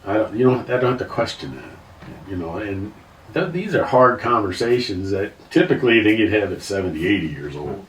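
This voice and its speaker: A man in his fifties with a very low voice tells his story earnestly, circling back and restarting his thoughts. He sounds set back from the mic in a roomy space with a faint hiss behind him. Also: sing-song, fairly quick, fairly bright tone, far from the mic. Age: 50s. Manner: earnest, rambling, restarts sentences. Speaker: guest. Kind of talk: emotional personal story.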